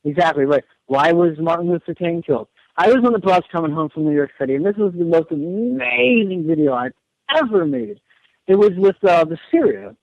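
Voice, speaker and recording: A man with a fairly high voice talks earnestly as a radio guest, rambling and tripping over his own restarts. The audio is muffled and lo-fi, and the sound is dry and close. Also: expressive, a little fast, creaky, dry recording. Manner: earnest, rambling, many restarts and repeated words. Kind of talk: casual radio interview talk.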